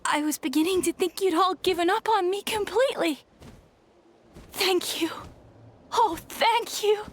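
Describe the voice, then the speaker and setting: An earnest young woman training as a warrior, eager but full of self-doubt, as a woman reads her game lines. Her voice sits high. The delivery is plain read-aloud game dialogue. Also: a little slow, slight background noise. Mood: excited.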